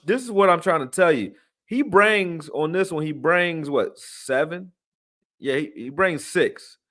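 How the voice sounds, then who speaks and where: A man hosts a live sports channel, talking casually through game film in a loose, chatty way full of slang, fillers and restarts. He's tired and yawning, and his voice is fairly high and a bit bright.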